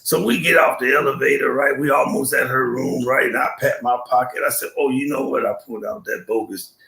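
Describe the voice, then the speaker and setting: An older man hosting a live stream, chatting in slang, telling a comic story and giving shout-outs to his viewers. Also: mid-range voice, steady tone, brisk, gravelly, echoey room. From Buffalo, New York.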